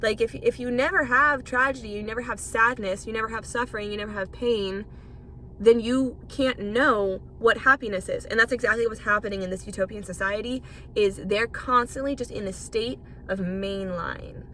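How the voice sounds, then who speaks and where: Bright-voiced chatty young woman podcaster. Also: fairly high pitch, moderate pace, a little hiss or hum. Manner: chatty and rambling, swears freely. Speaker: podcast host. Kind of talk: casual solo podcast monologue.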